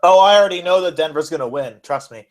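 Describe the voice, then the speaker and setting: A man co-hosting a casual wrestling and sports podcast, excitable and rambling, swearing as he goes. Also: on the high side, quick pace. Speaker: podcast co-host. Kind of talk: casual chat.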